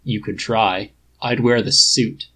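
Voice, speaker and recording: A man voicing an angry genius inventor who shouts to defend his robots, his voice climbing high. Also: fairly even intonation, slow pace, slightly rough, exaggerated voice. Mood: furious.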